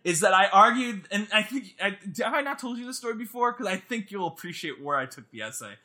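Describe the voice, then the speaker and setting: A man in casual movie chat with a friend, animated and often laughing. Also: high voice, quick pace, crowd noise. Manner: animated, laughing, mock-screaming.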